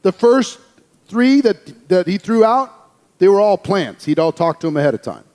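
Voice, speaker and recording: High-voiced guy telling a story, doing all the voices, echoey hall. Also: moderate pace. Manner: animated, acts out quoted voices. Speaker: speaker telling a personal story. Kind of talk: storytelling speech.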